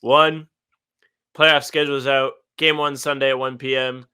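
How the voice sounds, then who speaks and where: A man's voice: medium pitch, little pitch movement, unhurried, bright, forceful tone, clear, resonant tone. A young man co-hosting a casual sports podcast, laid-back with dry humor. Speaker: podcast co-host.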